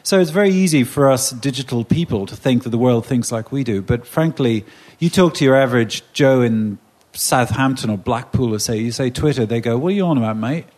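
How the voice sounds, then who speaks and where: A man from England speaking on a conference panel, animated and conversational, often restarting his sentences. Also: mid-range voice, fairly quick. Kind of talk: panel discussion.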